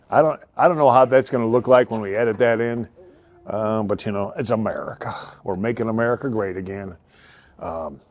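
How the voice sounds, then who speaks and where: A man, a car dealership owner rambling through a joking commercial pitch and laughing at his own jokes. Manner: rambling, laughs often, self-interrupting. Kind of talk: joking improvised commercial spiel.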